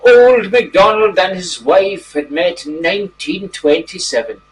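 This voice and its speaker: Male actor as a genteel gentleman reading a bedtime story, high-pitched, faint hiss behind him. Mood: storytelling. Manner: gentle, drawn-out storyteller delivery. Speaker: storybook reader. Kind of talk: mock children's bedtime story narration. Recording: distant mic, faint background noise.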